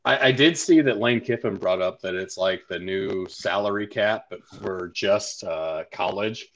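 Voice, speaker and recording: A man's voice: low voice, unhurried, slight background noise. A man co-hosting a casual sports podcast, joking and cursing as he tells stories. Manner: joking, profane, animated storyteller. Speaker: podcast co-host.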